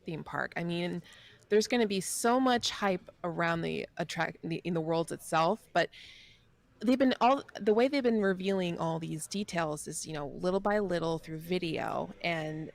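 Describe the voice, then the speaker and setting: A woman reporting on theme parks in a live studio news chat, gushing and excited, often restarting her sentences. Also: on the low side, moderate pace, creaky, no room sound. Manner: bubbly, gushing, frequent restarts.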